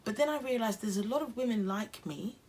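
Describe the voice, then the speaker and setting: A woman's voice: a little high, a little fast, a little mellow. Earnest English woman vlogger. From England. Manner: earnest, encouraging. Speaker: YouTuber. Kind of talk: self-care vlog talk.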